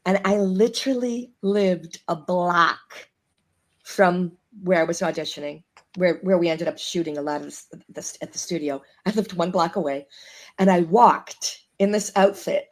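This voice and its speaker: A woman from Chicago, a guest actress telling stories in casual chat, animated and laughing as she acts out the people she quotes. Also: on the low side, measured pace. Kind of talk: casual storytelling.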